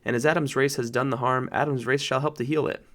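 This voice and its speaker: A man voicing a great lion who speaks slowly, low and deep, with solemn kingly gravity, in an audiobook. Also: fairly even intonation, fairly bright tone, lightly acted. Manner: slow, grave, low and deep. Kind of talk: audiobook narration.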